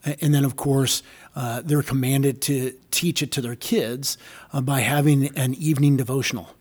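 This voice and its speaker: A man's voice: medium pitch, fairly even intonation, moderate pace, a little mellow. A man hosting a faith conversation, reflective and affirming.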